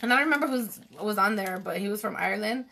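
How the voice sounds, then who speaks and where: A woman's voice: medium pitch, very fast, creaky, sharp tone, a little hiss or hum. A woman co-hosting a live stream who reads viewer comments aloud in a casual, giggly way. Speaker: co-host reading viewer comments.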